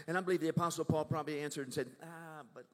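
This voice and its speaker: An older man preaching to a congregation, moving between hushed asides and loud proclaiming, and asking the crowd if they follow. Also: fairly high pitch, fairly even intonation, rapid-fire. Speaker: minister. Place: church sanctuary. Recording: long church hall reverb.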